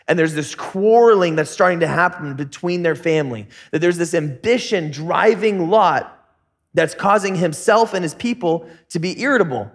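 A man preaching a casual sermon, telling stories in a relaxed, joking, slangy way. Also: on the high side, normal speed. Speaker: pastor.

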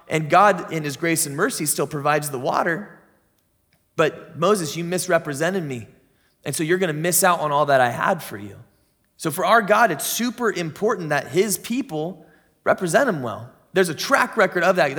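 Preaching man in a reverberant hall. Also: a little high. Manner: animated preaching, reading scripture aloud. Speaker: pastor. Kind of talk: sermon.

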